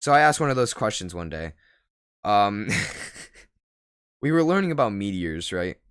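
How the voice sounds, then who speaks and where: A man's voice: on the low side, big pitch swings, measured pace, clear, resonant tone, dry recording, clean studio sound. A teenage boy vlogging, telling a rambling story full of fillers and laughing at himself. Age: teens. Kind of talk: casual storytelling.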